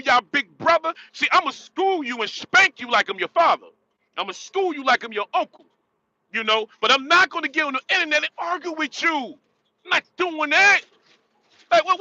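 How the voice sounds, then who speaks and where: A man in his late forties from northern New Jersey rants on a casual livestream from inside his truck cab, his voice pitched very high and strikingly sharp and bright. He talks in emphatic street slang and circles back to the same points again and again. The sound is dry and close, with no room echo. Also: muffled recording. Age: 40s.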